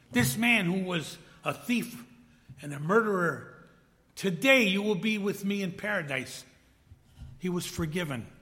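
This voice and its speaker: A man delivers a slow, deliberate sermon in a somewhat high voice, reading scripture aloud. He builds to loud emphatic peaks, then drops to a near whisper. His voice rings out with a long reverb from a large hall. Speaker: preacher.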